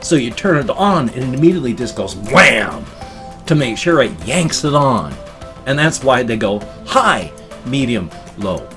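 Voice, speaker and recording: A man's voice: medium pitch, sing-song, moderate pace, a bit bright, faint music behind. Tired man in his fifties rambling on. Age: 50s. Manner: rambling, explains at length with restarts. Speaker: vlogger. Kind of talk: casual rambling vlog talk.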